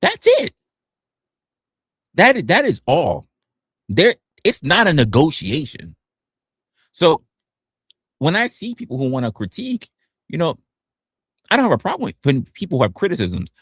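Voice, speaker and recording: A man's voice: fairly high pitch, huge pitch swings, normal speed, pauses often, a bit bright, slightly rough, no echo, studio quality. Blunt, profane man ranting on stream. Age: 40s. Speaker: livestreamer. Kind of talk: ranting livestream monologue. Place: home office.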